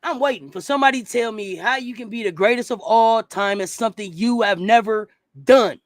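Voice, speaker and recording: A man's voice: sits high, a little fast, dry recording, studio quality. A man in a heated sports talk rant, blunt and profane, firing off rhetorical questions. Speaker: sports commentator.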